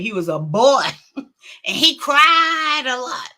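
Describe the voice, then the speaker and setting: Woman host, middle-aged, high bright voice, chatty storyteller who laughs a lot. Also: slow. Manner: animated, laughs often, acts out quotes. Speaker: talk show host. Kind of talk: casual storytelling.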